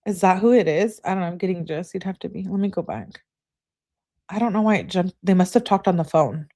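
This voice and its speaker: A woman hosting a true-crime channel, reading a couple's text messages aloud in a casual way and breaking off for quick remarks of her own. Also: lowish voice, expressive, mellow. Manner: reads texts aloud, breaks off with quick asides. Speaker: host reading case evidence.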